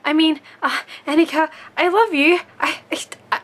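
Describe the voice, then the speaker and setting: A woman with a high voice talks straight to camera in a casual vlog. Her tone is bright and edgy, and she is wry and teasing throughout. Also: measured pace, hardly any pauses. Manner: wry, teasing, playfully sarcastic. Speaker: vlogger. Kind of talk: casual comedic monologue.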